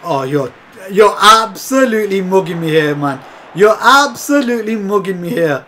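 Game commentator, frustrated and foul-mouthed, very animated delivery. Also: medium pitch, moderate pace. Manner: exasperated, swears a lot, talks to viewers as lads. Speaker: gaming commentator. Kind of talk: live gameplay commentary.

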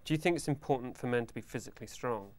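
A man asking brisk, matter-of-fact interview questions from a questionnaire. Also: medium pitch, no echo.

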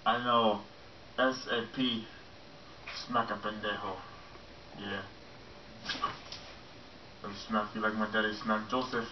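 A man's voice: on the low side, level tone, takes it slowly, pauses often. A man playing a scornful tough guy in a homemade comedy skit, insulting and threatening, with Spanish words mixed in. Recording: roomy, distant, muffled home camera with hiss.

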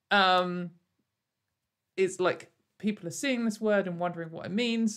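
A woman hosting a casual commentary show, rambling and sarcastic, with lots of fillers and little laughs. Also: lowish voice. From United Kingdom. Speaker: commentary video host.

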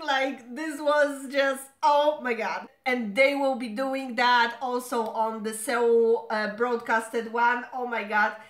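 A young woman hosting a reaction video, hoarse from screaming, chatting to camera in a gushing, apologetic way that trails off into exclamations. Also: sits high, a bit bright. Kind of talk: casual chat to camera. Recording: echoey room.

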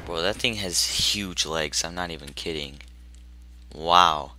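A man commenting nervously on a horror game he plays, jumpy and talking to himself, with sudden loud outbursts. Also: sits low, measured pace. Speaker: gaming YouTuber.

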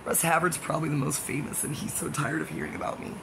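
Gravelly man rambling over an AC hum. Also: a little high, level tone, fast. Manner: meandering, jokey, gossipy asides with frequent laughs. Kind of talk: rambling casual monologue.

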